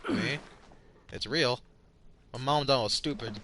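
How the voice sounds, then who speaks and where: A man hosting a podcast, telling a story in casual, animated talk, swearing a lot and repeating himself. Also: medium pitch, measured pace, long pauses, a little hiss or hum. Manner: animated, profane storytelling with frequent repetitions. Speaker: podcast host. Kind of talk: casual chat.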